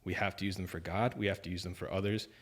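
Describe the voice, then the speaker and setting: A young man telling a story on a podcast in casual chat, animated, acting out other people's lines. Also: sits low, quick pace. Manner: animated storyteller, acts out quoted voices, lots of "like" and "man". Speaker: podcast guest.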